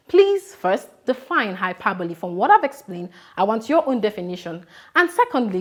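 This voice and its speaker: A young Nigerian woman with a Nigerian accent, a teacher contestant giving an expressive classroom lesson to camera and acting out her examples. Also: mid-range voice. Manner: expressive, acts out examples dramatically.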